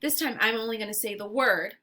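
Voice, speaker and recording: A woman teacher leading a phonics lesson for young children, patient and deliberate, stretching out sounds and syllables. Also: fairly high pitch, background noise.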